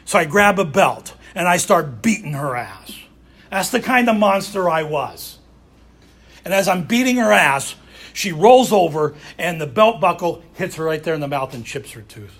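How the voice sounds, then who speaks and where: A man's voice: sits high, lively intonation, normal speed, a bit bright. A middle-aged man with a Southern US accent giving a raw, blunt personal talk about recovery, swearing freely. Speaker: recovery speaker.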